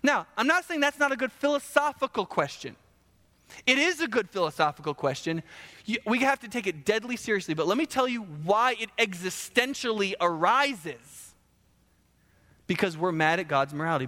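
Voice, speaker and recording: Man preaching, high lively voice, conversational, long hall reverb. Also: moderate pace. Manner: animated, conversational, frequent rhetorical questions. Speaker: pastor. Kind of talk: sermon.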